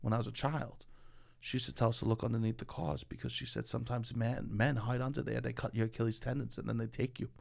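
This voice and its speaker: A man from Staten Island co-hosting a podcast, chatting casually and animatedly, breaking into loud comic bits. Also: medium pitch, steady tone, quick pace, creaky. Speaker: podcast co-host. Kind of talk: casual chat.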